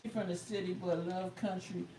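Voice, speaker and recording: A woman's voice: lowish voice, steady tone, moderate pace, mellow. Woman reading the chat on a live stream, laid back, far from the mic, echoey with birds chirping behind. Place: outdoors. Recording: echoey, distant mic, outdoor noise with birds.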